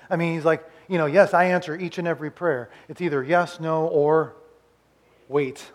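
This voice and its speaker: A male pastor preaching a sermon, swinging between loud urging and quiet confiding, with frequent restarts. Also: on the high side, fairly even intonation, normal speed.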